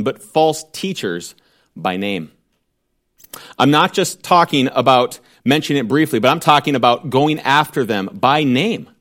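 A man's voice: medium pitch, a bit bright. A man preaching a sermon, emphatic and direct, with rhetorical questions and wry asides.

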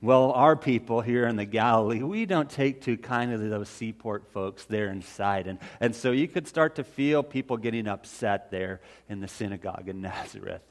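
A man playing the fisherman Peter, telling a Bible story in the first person in a folksy, conversational way that swings from loud to hushed. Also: lowish voice, normal speed, few pauses, close to an everyday voice. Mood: earnest. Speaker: storyteller in character.

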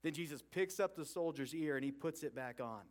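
A man delivers a sermon in a fairly high voice. He retells the story with earnest emphasis and acts out the quotes. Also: a little fast. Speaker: preacher.

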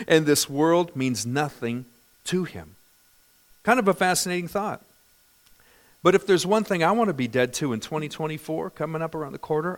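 A middle-aged man from California delivers a lively sermon in a slightly higher voice. He jokes, tells stories and keeps asking the congregation questions. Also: normal speed. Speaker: pastor.

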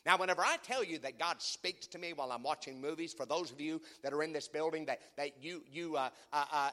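A male pastor preaching a sermon with animated storytelling and call-and-response to the congregation. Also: on the high side. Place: church sanctuary. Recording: long reverb of a church hall.

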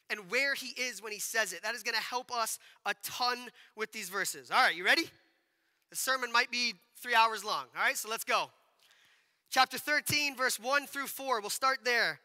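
A man preaching in a church hall, his voice very high and very bright. He talks casually to the congregation and keeps asking them questions. Long reverb trails after each phrase. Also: moderate pace. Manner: conversational, asks the congregation questions, acts out quotes. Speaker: pastor. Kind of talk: sermon.

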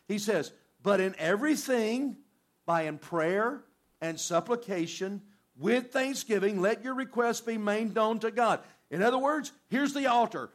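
A man preaching a sermon, reading scripture and acting out prayers in an animated, conversational way. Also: high-pitched. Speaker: pastor.

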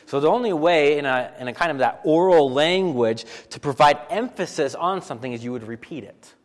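A man preaching a sermon as pastor, animated and full of rhetorical questions, often repeating phrases for emphasis. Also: on the high side, brisk, big-room sound.

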